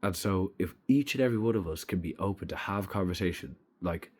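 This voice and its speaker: A man's voice: deep voice, fairly quick, darkish tone. A young man giving a blunt, emphatic opinion monologue to camera, swearing freely. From Ireland. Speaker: vlogger.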